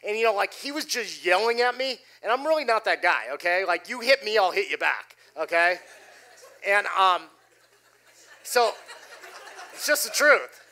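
High bright-voiced preacher man. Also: normal speed, pauses often. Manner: animated storytelling, drops voice low for quoted lines. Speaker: pastor. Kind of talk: sermon with personal story. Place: church stage before a congregation.

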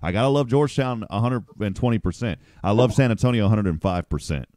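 Upbeat male morning radio host, lowish pitch, dry close-miked sound. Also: fast, a little mellow, no echo. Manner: upbeat, chatty, greets listeners by name. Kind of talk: casual morning show chat.

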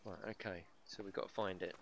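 A man's voice: deep voice, fairly even intonation, quick pace, heavy background noise. A man chatting casually as he streams a video game, swearing freely and laughing often. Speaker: gaming livestreamer. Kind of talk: casual live gameplay commentary.

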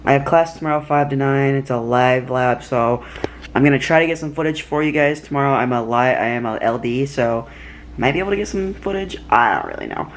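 Young guy vlogging at night, tired, rambly with lots of ums, mid pitch. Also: fairly quick, slight background noise. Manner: rambling, many fillers and restarts. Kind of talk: casual chat to camera. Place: at home at night.

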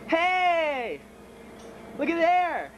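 Teen male prankster, loud and hyper, lively swooping delivery, home-video hiss. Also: very high voice, drawn-out words. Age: teens. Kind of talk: goofy home video clowning. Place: indoors, convenience store. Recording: noisy home camcorder audio.

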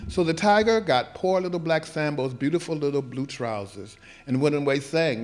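A man with a fairly high voice reads a children's story aloud to a live audience, in a lively performer's delivery. He keeps stepping out of the text with wry, laughing asides. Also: a little fast. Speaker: performing artist. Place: live performance event at an art gallery.

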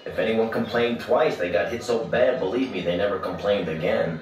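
A man's voice: on the low side, a little fast, recorded from a distance, natural voice. An actor playing a gangster narrating his life in a blunt, matter-of-fact voice-over. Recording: roomy film soundtrack over music.

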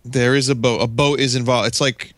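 A man's voice: mid-range voice, flat delivery, fairly quick, fairly bright tone, no echo. A man co-hosting a casual podcast, laid-back and hesitant while guessing, swearing casually.

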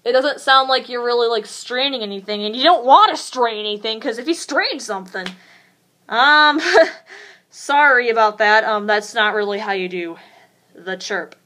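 A woman's voice: on the high side, normal speed, bright, forceful tone. A woman chatting casually in a vlog tutorial, rambling and hesitant with lots of fillers. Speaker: vlogger.

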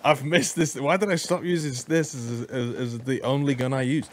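Excitable man doing gameplay commentary. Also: medium pitch, moderate pace, a little hiss or hum. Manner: excitable, exclaiming and joking. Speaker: gaming YouTuber.

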